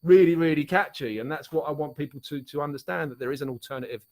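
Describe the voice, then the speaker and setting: A man's voice: medium pitch, quick pace, a bit bright. A middle-aged man from Essex with an Essex English accent, chatting casually as a guest and rambling with frequent restarts. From Essex, England. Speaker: musician and author guest. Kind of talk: casual chat.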